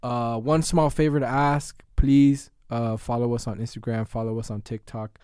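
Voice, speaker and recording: A man's voice: mid-range voice, level tone, moderate pace, mellow, clean tone, dry recording, clean studio sound. A man co-hosting a podcast in casual chat, earnest and rambling with lots of fillers. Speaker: podcast co-host.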